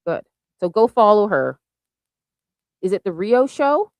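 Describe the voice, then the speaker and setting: A woman's voice: medium pitch, sing-song, unhurried, no room sound. A woman hosting a casual livestream chat, bubbly and thanking viewers one by one. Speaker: show host.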